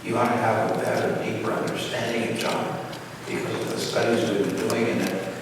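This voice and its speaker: A male pastor delivers a sermon in a conversational way, swelling to loud emphasis when he reads scripture. He sounds far from the microphone in a reverberant church sanctuary, with clear background noise. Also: on the low side, flat delivery, brisk. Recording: echoey church from far off, noisy.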